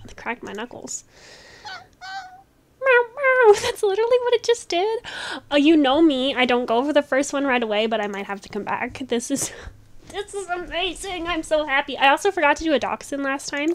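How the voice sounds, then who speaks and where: A woman with a high, bright voice chats through a casual gameplay video. She gushes and talks quickly, with easy laughter. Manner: bubbly, gushing, quick with laughs. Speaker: gaming channel host.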